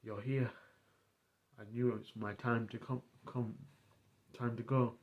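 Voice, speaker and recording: A man's voice: medium pitch, flat delivery, a little slow, phone-quality sound, close to an everyday voice. A man voicing a frantic dying old woman with strange powers, pleading in short broken bursts, close to his usual voice. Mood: faint.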